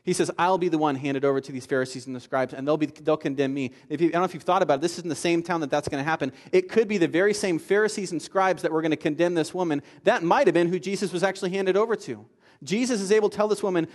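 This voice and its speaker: A man's voice: a little high, racing, long reverb tail. A man preaching a sermon to his congregation, earnest and pleading, rising to fervent emphasis. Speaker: pastor.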